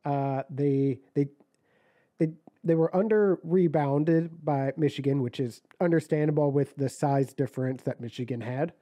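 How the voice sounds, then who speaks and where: Man with a very dark, mellow voice. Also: a little high, fairly even intonation, a little slow, no echo. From Ohio. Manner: stat-reading recap with frequent restarts. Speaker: podcast co-host. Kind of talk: casual sports podcast recap.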